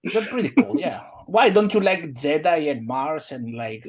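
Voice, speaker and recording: A man's voice: on the high side, sing-song, moderate pace, a crowd in the background. A man co-hosting a casual stream, full of joking, playful banter.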